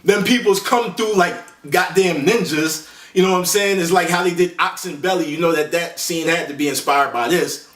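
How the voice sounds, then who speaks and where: A man hosting a laid-back movie countdown. He rambles in street slang, full of fillers and self-corrections, at a slightly high pitch. He sits well back from the mic in a roomy, echoing space. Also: normal speed, fairly bright tone. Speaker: host. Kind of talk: casual movie countdown commentary. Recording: echoey room, voice far from the mic.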